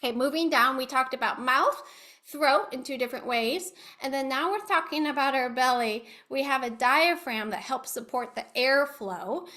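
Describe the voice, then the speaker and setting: A woman with a high, bright, sharp-edged voice gives an online talk as a speech therapist. She speaks over a video call and walks her listeners step by step through exercises. She stays patient and instructive throughout. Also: normal speed. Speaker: speech-language pathologist. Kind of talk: online educational presentation.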